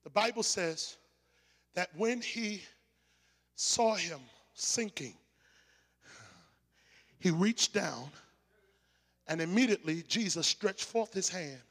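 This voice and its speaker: Male preacher, high gravelly voice, bright and raspy, shouts calls for the congregation to repeat. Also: slow, pauses often, big-room sound. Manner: builds to shouting calls, call-and-response with congregation. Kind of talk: sermon. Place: church before a congregation.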